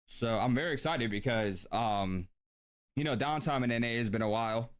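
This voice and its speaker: Hosting a tournament stream, a relaxed man gives casual live commentary, thinking out loud and saying um a lot. His voice is mid-range and smooth, at a normal speed.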